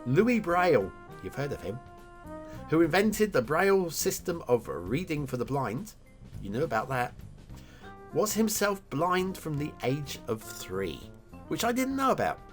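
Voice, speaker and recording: A man's voice: a little high, very animated, unhurried, faint music behind. A man hosting a game map review show, chatting enthusiastically with filler words and self-corrections. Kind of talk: casual game commentary.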